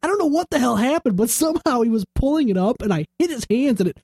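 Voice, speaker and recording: A man's voice: very high-pitched, animated, fast talker, creaky, a little mellow, husky, no room sound. A man co-hosting a podcast, chatting casually and laughing as he tells stories. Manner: laughing storyteller. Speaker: podcast co-host. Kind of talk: casual banter.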